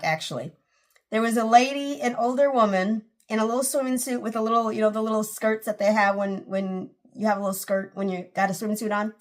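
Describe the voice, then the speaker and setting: A woman in her forties hosting a casual personal vlog, talking in a rambling, earnest way with many restarts, and emotional at times. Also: fairly high pitch. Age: 40s. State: emotional, close to tears. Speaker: channel host.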